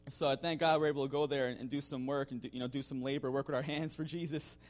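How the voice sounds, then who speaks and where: A man with a mid-range, fairly even voice talks fast while giving his congregation a relaxed mission-trip testimony. He peppers it with "you know," restarts his sentences, and chuckles now and then.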